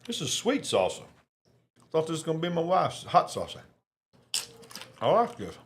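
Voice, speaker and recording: A man's voice: on the high side, huge pitch swings, normal speed, breathy edge. A man hosting a casual live election-night stream, chatting and eating while he reads viewer comments. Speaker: livestream host.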